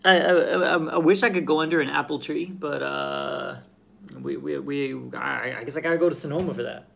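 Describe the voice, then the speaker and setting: A man's voice: a little high, fairly even intonation, moderate pace, gravelly, a bit bright. A man hosting a casual live stream, who stammers and repeats his words as he chats.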